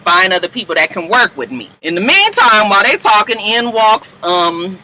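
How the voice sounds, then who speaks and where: A woman runs through a reality TV episode in a loose, profane recap. Her voice is very bright and sharp. She talks bluntly and with lots of energy, peppering the story with swearing and laughter. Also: mid-range voice, sing-song, normal speed, poor audio.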